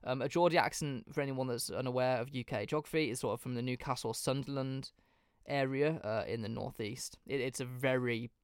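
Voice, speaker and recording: A man's voice: medium pitch, fairly even intonation, a little fast, clean tone, no room sound, studio quality. A man hosting a podcast, narrating a case casually with plenty of swearing. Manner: casual, swears freely, reads from notes. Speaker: podcast host.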